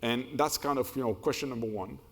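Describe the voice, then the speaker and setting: A man's voice: medium pitch, brisk, a bit bright. A man answering a question on a conference panel, hesitant, with many fillers and restarts. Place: conference hall. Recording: reverberant conference hall.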